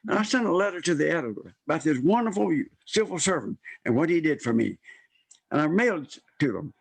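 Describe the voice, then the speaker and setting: An older man telling a personal story in an interview, animated and acting out the voices of people he quotes. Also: fairly high pitch, fast talker, creaky, husky, no echo. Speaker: guest storyteller.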